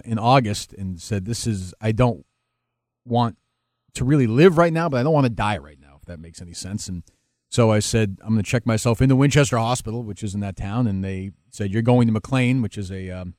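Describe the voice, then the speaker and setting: A man, a talk radio host, speaking candidly and emotionally in an interview, with frequent halting restarts. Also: on the low side, darkish tone, dry recording, clean studio sound. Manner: halting, many restarts, emotional and self-critical.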